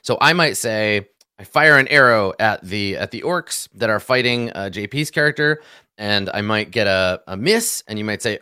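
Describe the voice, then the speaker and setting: A man's voice: fairly low pitch, animated, normal speed, sharp tone, smooth, dry recording, clean studio sound. A man in casual conversation, patiently explaining how a tabletop game works and walking through examples step by step. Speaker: experienced player explaining game rules.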